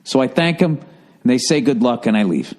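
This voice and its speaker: A man in his fifties with a Boston accent, hosting a podcast and telling a profane, animated comedic story. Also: mid-range voice, brisk. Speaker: podcast host. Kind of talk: casual comedic monologue.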